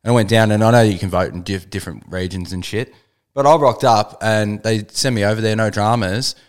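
A man's voice: lowish voice, steady tone, a little fast, smooth. An Australian man co-hosting a podcast, telling stories in a laid-back, rambling, sweary way. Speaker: podcast co-host. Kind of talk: casual chat and storytelling.

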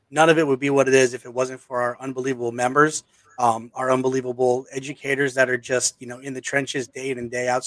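Flat-toned man hosting a podcast. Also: mid-range voice, dry recording. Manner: enthusiastic, grateful wrap-up. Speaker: podcast host.

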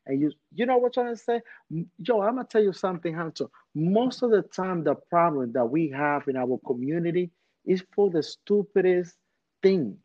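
Animated man telling street stories. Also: sits high, normal speed, no echo. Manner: animated storyteller, frequent "you know what I mean". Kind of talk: casual conversation. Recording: slightly muffled dry recording.

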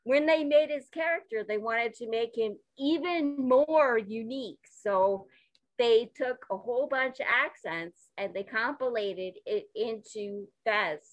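A woman co-hosting a podcast, playful and excitable in casual comedic chat. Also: on the high side, measured pace, no echo. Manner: playful, excitable, exclaims often. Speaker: podcast co-host.

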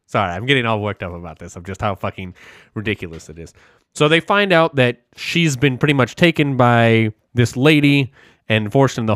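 A man rambles through a film plot in casual chat, animated and loud with profanity. His voice sits at an ordinary middle pitch, and the recording is dry and close, with little room sound. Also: no room sound. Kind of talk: casual movie recap chat.

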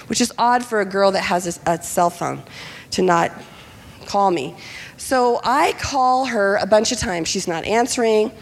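A woman's voice: fairly high pitch, gravelly. Woman pastor telling a story in a hall. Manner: animated, acts out quoted voices. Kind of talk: sermon storytelling. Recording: long hall reverb.

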